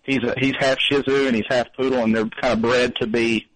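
Southern man caller, dry close sound, deadpan quips. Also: mid-range voice, no echo, low-quality recording. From Alabama. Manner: dry, quick wisecracks. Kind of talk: casual chat.

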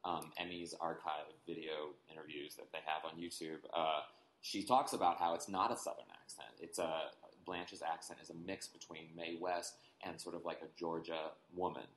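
A man with a very low voice talks casually, explaining details at length with plenty of fillers. The sound is roomy and echoey, with a faint hiss underneath. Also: fairly even intonation, normal speed, a bit bright. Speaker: podcast co-host. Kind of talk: casual chat. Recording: echoey room with faint noise.

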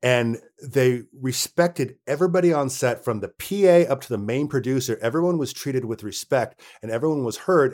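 With a slightly mellow, medium-pitched voice, an actor guest chats casually with an interviewer. He tells set stories and acts out the lines others delivered to him.

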